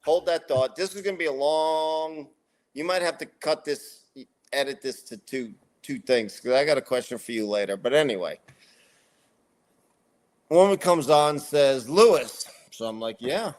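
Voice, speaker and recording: A man's voice: on the high side, moderate pace. Swearing, ranting middle-aged man. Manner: profane, animated ranting storyteller. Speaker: podcast co-host. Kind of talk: casual chat, storytelling.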